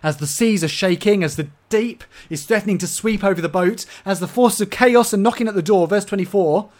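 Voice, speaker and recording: An expressive man from England preaching a sermon to his congregation. His voice sits a little higher than most men's. He swings between loud, emphatic peaks and quiet, hushed asides. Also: a little fast.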